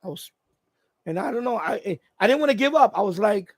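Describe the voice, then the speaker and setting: High-pitched, gravelly man chatting on a stream. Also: animated, a little fast, no room sound. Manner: rambling storytelling with many restarts. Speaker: radio hobby channel host. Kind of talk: casual live stream chat. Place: at home, indoors.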